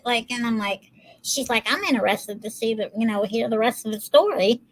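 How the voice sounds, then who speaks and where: A woman's voice: fairly high pitch, moderate pace, fairly bright tone, rough recording. A woman co-hosting a podcast, chatting casually and poking fun at herself. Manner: self-deprecating, laughs easily. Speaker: podcast co-host. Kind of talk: casual chat.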